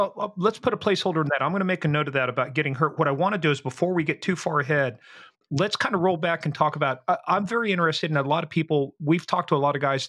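A man's voice: a little high, fairly bright tone, husky, no room sound, studio quality. A man hosting a podcast, steering the talk with curious questions. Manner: steering, inquisitive. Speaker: podcast host. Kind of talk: interviewing.

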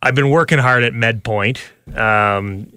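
A man hosting a podcast, telling a funny story about his week in a casual, animated way, jumping up in pitch when he quotes other people. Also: unhurried, clear, resonant tone, dry recording, studio quality. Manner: animated, jumps high when quoting others. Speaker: podcast host.

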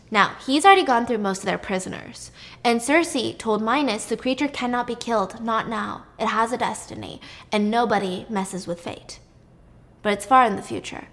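A woman's voice: fairly high pitch, normal speed. A woman casually retelling a myth in a chatty, irreverent way, swearing now and then. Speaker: storyteller.

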